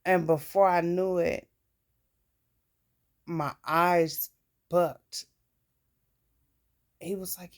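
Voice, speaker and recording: A woman's voice: fairly low pitch, flat delivery, extremely slow, pauses often. A woman recounting her own life story in a candid, plain-spoken way, with casual swearing. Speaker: vlogger. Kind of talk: personal storytelling.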